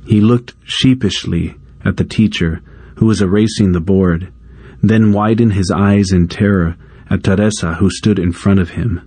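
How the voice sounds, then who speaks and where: A man narrates a short story aloud at an unhurried pace. His voice is low and mellow, and the recording is close and dry with no room sound. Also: breathy edge, dry recording. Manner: slow, even storytelling.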